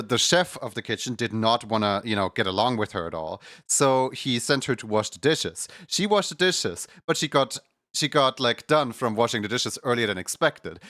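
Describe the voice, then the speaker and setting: A man's voice: medium pitch, bright, forceful tone, dry recording, studio quality. A man streaming, casually retelling a show's plot at length, full of fillers and restarts. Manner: rambling, many fillers and restarts.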